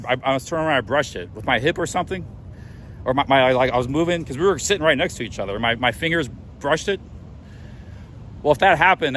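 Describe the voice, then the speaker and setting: A man's voice: medium pitch, fairly bright tone, slight background noise. Agitated man stammering in his defense. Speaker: livestreamer. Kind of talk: live walk-and-talk stream. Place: outdoors on city streets.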